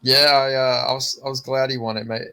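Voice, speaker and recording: A man's voice: medium pitch, level tone, brisk, pushed and bright, smooth. A man co-hosting a podcast, chatting casually about fights, with stammered restarts and plenty of swearing. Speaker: podcast co-host.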